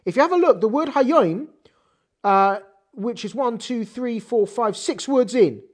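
Torah teacher doing a text study class, big swoopy pitch, keeps asking rhetorical questions. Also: measured pace. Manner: animated, rhetorical questions, reads Hebrew terms.

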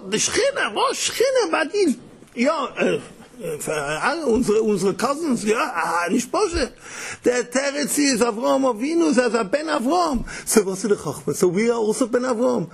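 Man, Torah lecture, high voice, gravelly, husky, repeats words, restarts. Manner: mixes Yiddish and Hebrew terms, repeats words, restarts often. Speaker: Torah teacher.

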